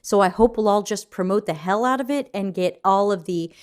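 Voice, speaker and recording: A woman's voice: mid-range voice, fairly quick. A middle-aged woman hosting a casual livestream Q&A, chatting loosely and reading viewer comments aloud. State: yawning, still waking up. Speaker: livestream host.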